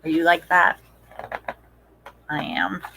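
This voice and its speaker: A woman reading a picture book aloud to children, gentle and expressive, asking the children questions. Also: deep voice, slow, a little hiss or hum. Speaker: storytime reader.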